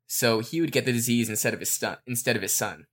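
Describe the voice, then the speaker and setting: A man of ordinary pitch co-hosting a casual podcast. He rambles through fan theories at an easy pace, trailing off and filling gaps with ums and likes. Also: fast talker. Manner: relaxed, rambling with fillers. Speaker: podcast co-host.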